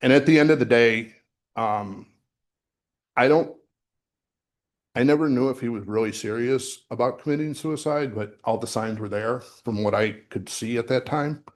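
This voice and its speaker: A man's voice: mid-range voice, normal speed. A middle-aged man giving a sermon as associate minister, talking in a conversational way with fillers and restarts, recorded in a church sanctuary. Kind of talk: sermon with personal story.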